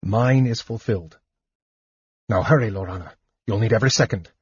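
A man voicing a grave, noble knight who speaks softly and low, resigned and tender, in an audiobook. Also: normal speed, breathy edge, dry recording, muffled recording. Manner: soft, low, hushed. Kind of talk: audiobook character voice.

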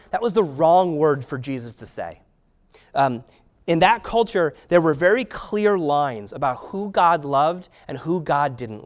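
A man preaching a sermon in a conversational way, with filler words and rhetorical questions. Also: fairly high pitch. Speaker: pastor.

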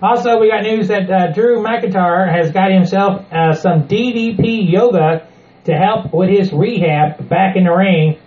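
A man's voice: sits high, a little slow, darkish tone, roomy sound, lo-fi sound. A man hosting a wrestling news podcast, opening with announcer-style introductions and reading news items. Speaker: podcast host. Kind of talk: casual wrestling news chat.

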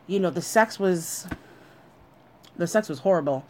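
Woman, slightly low register, blunt and profane, personal storytelling monologue. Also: a little slow, a little mellow, slight background noise.

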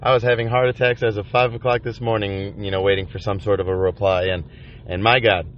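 A man vlogging from inside a van by the ocean, rambling in a profane, halting confessional monologue full of restarts. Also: lowish voice, level tone, a little hiss or hum. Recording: dull lo-fi recording.

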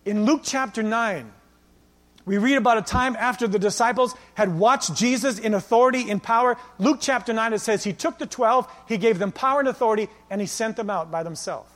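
Pastor guy preaching, high voice, acts out the stories, big echoey church hall. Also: brisk. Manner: animated storytelling, acting out quoted lines. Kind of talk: sermon. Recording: long reverb of a church hall.

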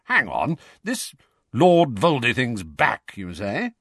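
A man voicing a blustering, bullying middle-aged uncle in an audiobook reading, loud and accusing. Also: medium pitch, huge pitch swings, slow, no room sound, clean studio sound, full character voice.

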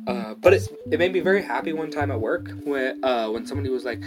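A man's voice: mid-range voice, fast talker, music in the background. A man co-hosting a podcast, casually telling a story and acting out what other people said. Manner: animated storyteller, acts out others' lines. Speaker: podcast co-host. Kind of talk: casual chat.

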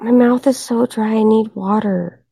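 A tired, hoarse woman hosting a casual livestream and chatting with her viewers. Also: a little high, fairly even intonation, measured pace, dark tone, no echo, studio quality. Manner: chatty, addresses viewers in chat. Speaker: livestream host.

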